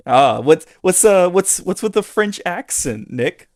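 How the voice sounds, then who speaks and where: A man's voice: high voice, a little slow. A man hosting a podcast in casual, chatty conversation with a co-host. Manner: relaxed, chatty, with fillers. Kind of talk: casual chat.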